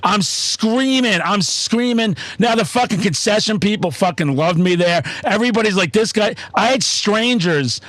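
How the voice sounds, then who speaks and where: A high-pitched man talking in a loose, excitable way, cursing through nearly every sentence. His voice sits well above the usual male range. The sound is dry and close, with no room around it. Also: moderate pace, few pauses, no room sound. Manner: profane, excitable storytelling. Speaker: podcast host. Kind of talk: casual chat.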